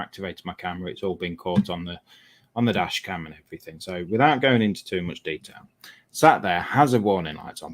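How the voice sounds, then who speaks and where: A man, a lorry driver, chatting casually while painting a model and telling a rambling story, often correcting himself. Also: sits low.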